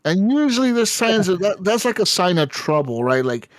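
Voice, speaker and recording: A man co-hosting a gaming podcast, telling stories in a lively, casual way and swearing often. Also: high-pitched, moderate pace, no echo. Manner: animated storytelling, swears often. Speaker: podcast co-host. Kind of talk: casual chat.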